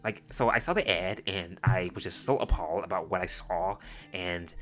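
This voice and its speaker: A man's voice: sits low, moderate pace, a bit bright. A man hosting reaction commentary, blunt, crude and mocking. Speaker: commentary host. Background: faint background music.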